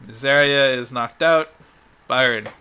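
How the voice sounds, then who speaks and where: A man's voice: medium pitch, unhurried, pushed and bright, clean tone. A man running a tabletop game as game master, easygoing and often laughing.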